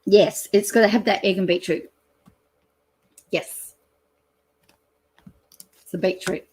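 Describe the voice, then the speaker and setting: Reading a fast-food menu aloud on her own channel, this middle-aged Australian host speaks in a husky, mid-range voice. Her chat is casual and rambling, dotted with lots of ums and bursts of excited laughter.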